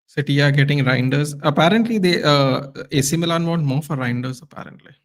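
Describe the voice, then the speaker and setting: A man hosting a live football watchalong stream, chatting casually and reacting loudly to the play with lots of slang. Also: a little high, fairly quick.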